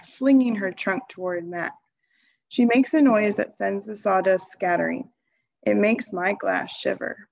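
A woman reading a children's novel aloud in a calm, even storytelling voice. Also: medium pitch, creaky, rough recording. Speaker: reader.

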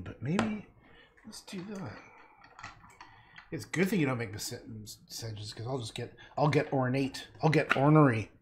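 A man's voice: mid-range voice, slight background noise. A man chatting casually on a livestream while he paints, rambling and talking to himself about the canvas.

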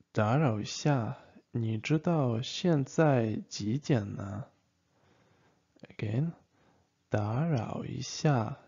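A man gives a relaxed lesson at a very slow, halting pace, full of fillers and little "okay?" checks. His voice is gravelly and a bit husky. The recording sounds dull and lo-fi. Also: mid-range voice. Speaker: language teacher. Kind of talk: casual spoken lesson.

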